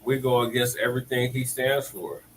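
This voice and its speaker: A man's voice: medium pitch, moderate pace, slight background noise, low-quality recording. A man co-hosting a casual political chat, mostly chiming in with short agreeing replies and chuckles. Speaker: co-host.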